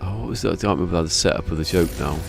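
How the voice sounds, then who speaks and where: Deep gravelly man streaming a game. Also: very fast. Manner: rambling, chuckling anecdotes. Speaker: gaming streamer. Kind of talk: casual live-stream chat. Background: game music.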